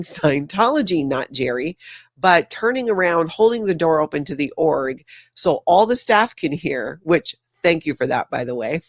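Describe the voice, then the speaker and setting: A woman's voice: low voice, no echo. Woman, livestream recap host, casual commentary, sarcastic, chatty, addresses viewers, dry close sound. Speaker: host of a news recap channel.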